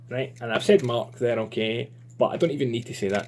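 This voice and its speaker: A man's voice: mid-range voice, steady tone, moderate pace, hardly any pauses, a little hiss or hum. A man giving a chatty, informal online creative writing lesson. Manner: chatty and informal, lots of fillers.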